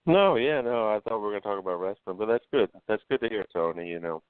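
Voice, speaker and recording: A man's voice: fairly low pitch, lively intonation, quick pace, smooth, no echo. A man calling in to a radio show, earnest and laid-back, leaning on lots of "you know". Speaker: caller. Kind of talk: phone-in call. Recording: dry phone line.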